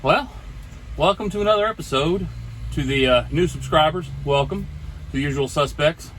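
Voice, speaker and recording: A man in his forties tells a casual story from inside his truck, doing the voices of the people he dealt with. His voice sits a bit high and moves a lot. A faint hum of the road runs underneath. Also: moderate pace, poor audio. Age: 40s. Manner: animated storyteller acting out dialogue. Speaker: trucker vlogger.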